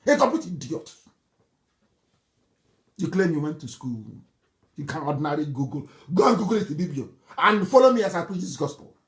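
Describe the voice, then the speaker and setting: A political leader with a Nigerian accent gives a fiery broadcast monologue, his expressive voice swinging widely in pitch at a quick pace. Combative and scornful, he mocks and scolds his critics. He repeats insults and points for emphasis and bursts into mocking laughter between them.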